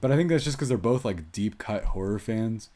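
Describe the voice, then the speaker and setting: A young man co-hosting a casual movie review podcast, chatty and quick with asides, laughing often. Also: lowish voice, lively intonation, mellow. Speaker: podcast co-host, film reviewer.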